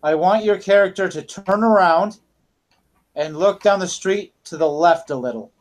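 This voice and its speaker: A man narrating a tabletop game as dungeon master, halting, with many fillers and restarts. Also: sits high.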